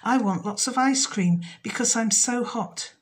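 A woman's voice: a little high, unhurried, voice pushed up, lightly acted. A woman voicing a friendly, fire-breathing male dragon in a storybook reading. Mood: cheerful.

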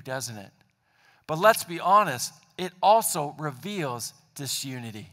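A man's voice: high voice, sharp tone. A man preaching a sermon and telling a story, emphatic and building repeated lists. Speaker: pastor. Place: church sanctuary. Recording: long hall reverb.

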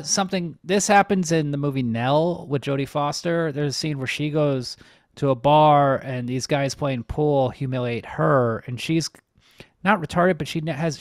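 A man's voice: on the high side, moderate pace, no room sound, studio quality. A man co-hosting a podcast, casually recapping a film's plot in long rambling runs. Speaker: podcast co-host. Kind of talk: casual movie recap chat.

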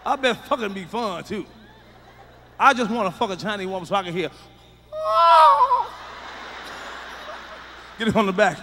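A middle-aged man doing a loud, profane, emphatic stand-up routine, recorded live. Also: sits high, fast talker, big-room sound, background noise. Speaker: stand-up comedian.

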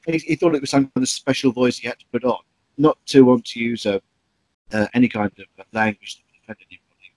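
A man's voice: medium pitch, fast, a little mellow, rough recording. A man, a stage actor recalling stories in an interview, chatty with many ums and restarts. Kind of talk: interview anecdotes.

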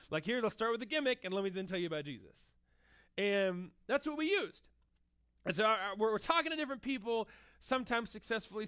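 A man's voice: sits high, a bit bright, clean tone. A young adult man preaching a sermon as pastor, telling a personal story with frequent fillers and restarts.

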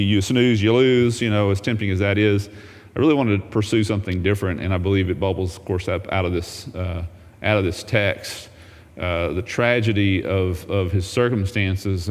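A man's voice: fairly low pitch, long reverb tail. A man teaching a Bible lesson as a pastor, folksy and humorous, reading scripture aloud.

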